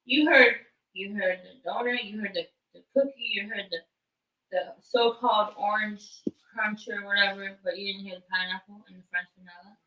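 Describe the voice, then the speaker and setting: A woman's voice: medium pitch, fairly even intonation, normal speed, bright, forceful tone. A woman co-hosting a live stream, blunt and teasing, swearing freely in casual chat. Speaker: livestream co-host. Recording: roomy echo, off-mic distance.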